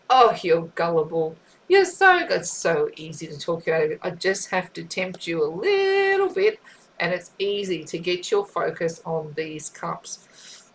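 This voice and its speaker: Smug taunting devil, woman doing it, low voice, gloating. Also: a bit bright, a little hiss or hum, rough recording. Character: smug mocking male devil tempter.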